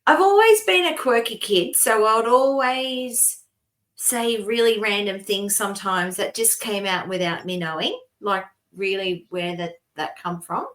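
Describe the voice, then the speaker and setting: An Australian woman in middle age co-hosts a relaxed podcast. She tells long personal stories in a meandering, chatty way, often breaking into laughter as she goes. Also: mid-range voice, unhurried. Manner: rambling storytelling with frequent laughs. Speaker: co-host. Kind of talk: casual podcast chat.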